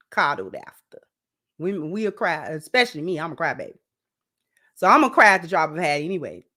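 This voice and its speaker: A woman giving casual relationship advice to camera, talking conversationally, repeating phrases and dropping low and soft for asides. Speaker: relationship vlogger.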